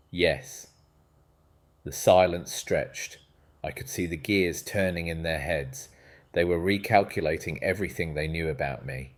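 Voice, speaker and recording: Man narrator, very deep voice, even and steady storybook reading.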